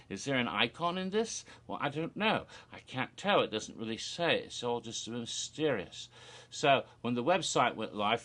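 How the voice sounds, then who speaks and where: A man casually retelling a spooky promo video for his vlog in an animated, rambling way, with fillers and restarts. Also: mid-range voice. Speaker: theme park vlogger.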